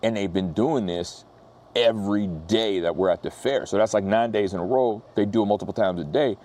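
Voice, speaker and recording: Laid-back low-voiced preacher. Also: male voice, fairly quick. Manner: laid-back slang-heavy preaching, lively when retelling. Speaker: pastor. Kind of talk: casual sermon storytelling.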